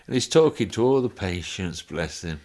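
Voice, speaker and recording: A man with a low voice and moderate pace guests on a podcast interview, spinning comic anecdotes. He chuckles often and tells each story with plenty of animation.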